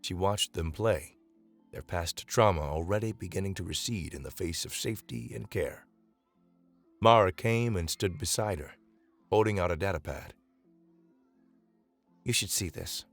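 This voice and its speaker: A man narrating a dramatic science-fiction story in a measured reading voice. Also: low-pitched, dry recording.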